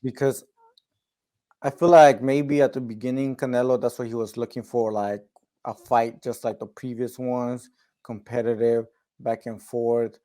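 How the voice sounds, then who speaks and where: A man's voice: medium pitch, flat delivery, measured pace, warm tone, rough recording. Man chatting sports, thinking aloud. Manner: thinks aloud with lots of "like" and restarts. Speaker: co-host. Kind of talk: casual sports chat.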